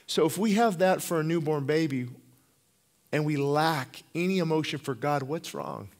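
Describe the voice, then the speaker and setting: A middle-aged man preaches with fervent, pressing conviction, his voice sitting a little high for a man. He often doubles back, repeating words and restarting phrases as he drives his point home. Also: moderate pace. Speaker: pastor. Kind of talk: sermon.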